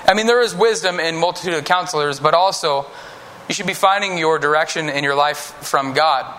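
Male preacher, children's sermon; conversational, slips into character voices, bright tone. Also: fairly high pitch, brisk, slight background noise.

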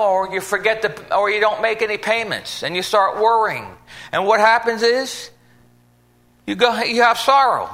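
A man's voice: sits high, pushed and bright. A man preaching an informal sermon in a folksy, conversational way, acting out little scenes as he goes.

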